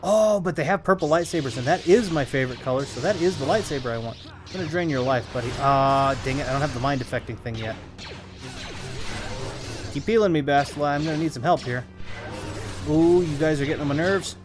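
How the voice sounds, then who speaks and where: A man's voice: a little high, fairly quick, over music. A man casually chatting to viewers while he plays a video game, rambling and humming between remarks. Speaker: streamer playing a video game. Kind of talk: casual live-stream commentary.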